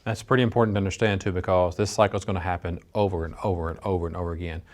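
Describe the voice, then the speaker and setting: A man's voice: low-pitched, steady tone, rapid-fire, a little mellow. A middle-aged man giving a training lecture as a dispatch instructor, earnest and conversational with frequent restarts. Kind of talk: training lecture with personal story.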